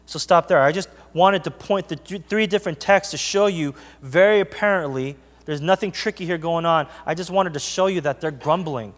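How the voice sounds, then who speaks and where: A man's voice: a little high, moderate pace, few pauses, in a large hall. A man preaching an earnest, conversational sermon to his congregation and reading scripture aloud. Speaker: pastor. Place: church sanctuary.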